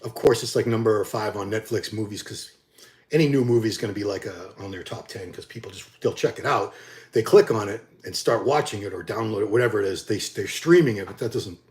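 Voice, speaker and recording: A middle-aged man hosting a bodybuilding channel, telling viewers a story in a blunt, animated, casual way and acting out the quotes. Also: lowish voice, a little fast.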